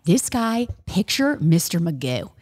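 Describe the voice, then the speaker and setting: A young adult woman in casual chat, telling an animated, swear-filled story and acting out the people in it. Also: fairly low pitch, measured pace. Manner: animated, swears freely, acts out voices in anecdotes.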